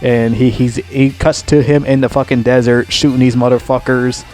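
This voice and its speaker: A man giving a casual, unscripted movie review, swearing constantly and rambling excitedly. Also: medium pitch, normal speed, faint music behind.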